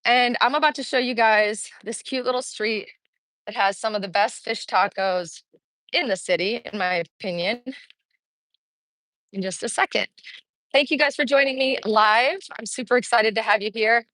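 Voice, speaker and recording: Breathless woman host with a higher voice, chatty and upbeat, talking into a phone on a walk outdoors. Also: normal speed, bright, forceful tone, no room sound. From Kansas City, Missouri. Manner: chatty, upbeat, answers viewer comments while walking. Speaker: Las Vegas real estate vlogger. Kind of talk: live-streamed walking vlog. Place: outdoor street, in summer heat. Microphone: phone held while walking.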